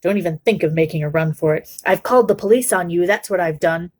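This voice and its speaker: A woman's voice: mid-range voice, expressive, normal speed, natural voice. A woman voicing a greedy, sour old male shopkeeper who mutters and grumbles.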